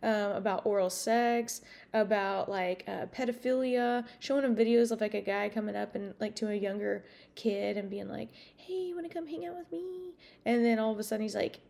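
A woman's voice: medium pitch, fairly even intonation, normal speed, vocal fry, few pauses, darkish tone. A woman hosting her podcast in a casual monologue, rambling and outspoken, swearing freely. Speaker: podcast host.

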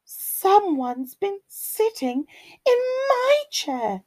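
A woman voicing a fussy mother bear in a children's storybook, tutting and rumbling. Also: big pitch swings, very slow, darkish tone, full character voice, low-quality recording. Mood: fussing.

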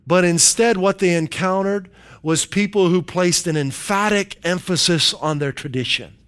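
A man with a fairly high, fairly bright, clean voice preaches a sermon. He is emphatic and repetitive, quoting scripture, repeating phrases, and hammering his points home.

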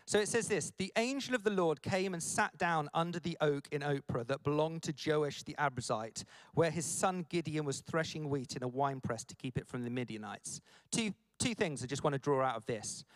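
Male preacher, high-ish voice, dry close sound, playful delivery. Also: moderate pace, no echo. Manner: animated, jokey, acts out quoted lines. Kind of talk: conference sermon.

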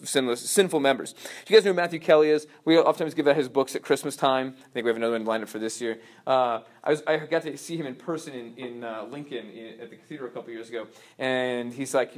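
A man teaching a parish class in a casual, rambling way, full of fillers and restarts. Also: mid-range voice.

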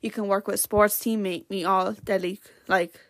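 An Irish teenager chats casually on her own podcast, rambling along with many fillers. Her mid-range voice holds a steady tone and a moderate pace, with no room sound in the recording.

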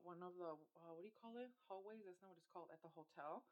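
A woman's voice: on the low side, fast talker, no room sound, rough recording. A woman co-hosting a casual podcast, agreeing and adding supportive comments. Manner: supportive, agreeable back-and-forth. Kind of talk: casual chat.

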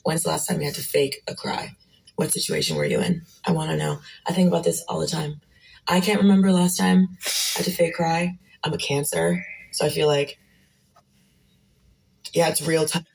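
A woman's voice: deep voice, steady tone, moderate pace, gravelly, darkish tone, poor audio. A woman musing casually, asking listeners questions and wandering between thoughts.

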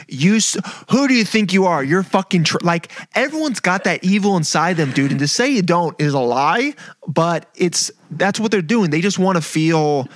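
A man's voice: on the high side, no echo, clean studio sound. A young man hosting a podcast, chatting casually and animatedly, swearing freely and acting out what people say. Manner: animated, swears a lot, acts out quotes. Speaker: podcast host. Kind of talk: casual chat.

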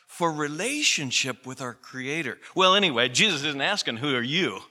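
Bright-voiced pastor preaching in a reverberant hall. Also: male voice, fairly high pitch, sing-song, breathy edge. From Pacific Northwest, US. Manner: conversational, storytelling with fillers like "you know"; emphatic, slowing down on key phrases. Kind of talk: sermon. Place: church hall. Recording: radio broadcast of a sermon in a church hall with long reverb.

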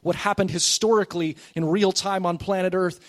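Male pastor, sermon, earnest, emphatic, fairly high voice, call-and-response. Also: steady tone, a little fast.

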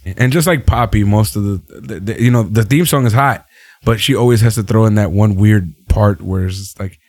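A man's voice: lowish voice, a little mellow, no echo. Profane, laughing man in casual chat. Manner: loose and profane, quick to laugh. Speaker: podcast co-host.

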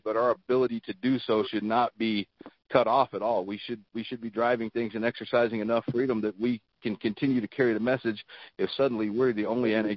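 A man speaking in a group discussion, measured, with slightly formal phrasing. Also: mid-range voice, no echo. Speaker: meeting participant. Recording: dull dry lo-fi audio.

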